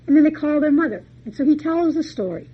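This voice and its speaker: A woman lecturer with a high-pitched voice retells a fairy tale quickly and with lots of animation, captured in lo-fi sound. Her storytelling lecture is folksy and chatty, packed with homey asides.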